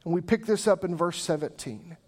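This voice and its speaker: A pastor delivers a sermon in a church sanctuary, his voice sitting high for a man. He tells the story with animated storytelling, acting out the voices of the people in it as he goes. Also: fairly quick.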